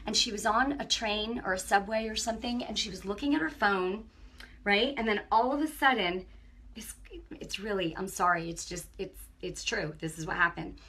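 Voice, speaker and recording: A woman giving an impassioned spiritual testimony on her own broadcast, telling stories in an animated way that swings between hushed and loud. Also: mid-range voice, normal speed, breathy edge. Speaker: online ministry broadcaster.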